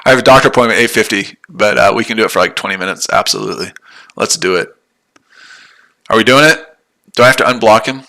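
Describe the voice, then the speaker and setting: A man's voice: lowish voice, fast talker, pauses often, pushed and bright. A man in his forties talking casually on a livestream, combative and taunting, repeating himself. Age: 40s. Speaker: livestream host.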